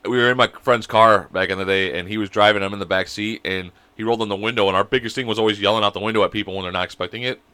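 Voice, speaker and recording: Male co-host, slightly congested, bright tone, rambling storyteller who swears freely, on a video call. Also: on the low side, steady tone, racing, hardly any pauses, smooth, no room sound. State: sick with mucus. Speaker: podcast co-host. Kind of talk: casual chat.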